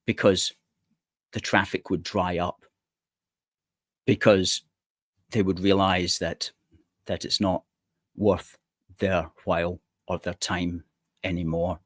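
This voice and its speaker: A man's voice: deep voice, steady tone, a little slow, pauses often, dry recording, studio quality. A man hosting a political commentary show, reading out news items with sarcastic, indignant asides.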